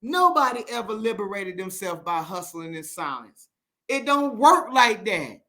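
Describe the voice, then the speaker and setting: High, bright-voiced man ranting emphatically. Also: big pitch swings, a little slow. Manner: emphatic and repetitive, restarts a lot. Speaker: political commentator. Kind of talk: unscripted political commentary stream.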